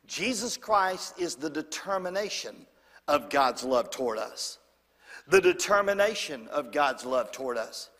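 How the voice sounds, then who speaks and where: High-voiced preacher in a church. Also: male voice, expressive, a little slow, in a large hall. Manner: swings from loud and high to hushed and low. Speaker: pastor. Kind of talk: sermon.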